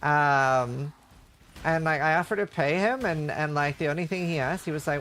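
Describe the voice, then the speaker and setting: A man's voice: a little high, normal speed, creaky, a bit bright, slight background noise. A male streamer telling stories in casual livestream chat, rambling with lots of fillers. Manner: rambling storytelling, heavy on fillers.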